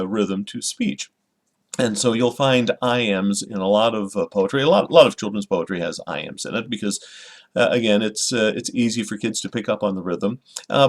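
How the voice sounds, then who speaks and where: A middle-aged man, a children's poet, giving an informal, friendly lesson to camera, with many fillers and restarts. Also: mid-range voice. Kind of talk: informal teaching talk to camera.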